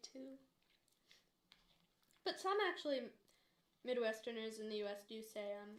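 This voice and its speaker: A woman's voice: fairly high pitch, normal speed, pauses often. A young woman from the United States chatting casually to viewers, telling a story with lots of "like" and fillers. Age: young adult. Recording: roomy echo.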